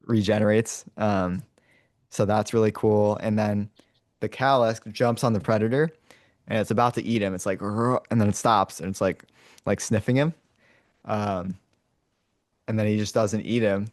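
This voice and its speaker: A man's voice: on the low side, steady tone, moderate pace, pauses often, a little mellow, no room sound, clean studio sound. A man casually retelling a movie's story to his brother, full of fillers and restarts and acting out lines and roars as he goes. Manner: rambling, many fillers and restarts; acts out lines and roars as he tells it. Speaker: podcast host retelling a movie.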